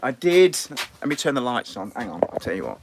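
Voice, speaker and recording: Man, english accent, middle-aged, live stream host, restless rambling chat, average pitch. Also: sing-song, brisk, heavy background noise. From England. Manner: rambling, restless, talks to viewers.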